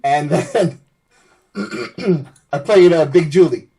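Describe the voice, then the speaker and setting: A man with a slightly husky voice, pitched a touch high for a man, co-hosting a relaxed podcast. He tells animated stories, full of restarts and "you know". The tone is loose and conversational. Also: extremely slow. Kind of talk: casual podcast chat, storytelling.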